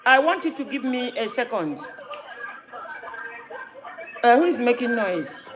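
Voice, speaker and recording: A man with a strikingly high voice hosts a heated live-stream talk. He talks insistently and breaks in on others with strings of repeated no's. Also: big pitch swings, unhurried, noisy background.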